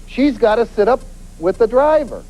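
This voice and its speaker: A male detective delivers a spirited crime-prevention lecture, slipping into quoted voices to act out scenes. His voice sits fairly high yet sounds warm and mellow, and he drives every point home with punchy repetition. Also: moderate pace, low-quality recording. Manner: animated, acts out quoted voices, emphatic repetition. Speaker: police detective giving a safety talk.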